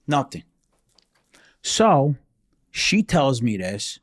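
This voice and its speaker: A man tells a story in casual podcast chat, lively and profane. He slips into the dialogue as he goes, and his voice sits at an ordinary middle pitch. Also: measured pace, pauses often. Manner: animated and profane, acts out dialogue. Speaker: podcast guest telling a ghost story.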